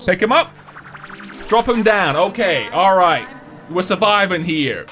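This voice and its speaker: Young male gaming commentator, slightly high voice, excitable and sweary, faint background music. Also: measured pace. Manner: excitable, swings between hype and grumbling, swears. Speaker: gaming YouTuber. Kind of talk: gameplay commentary.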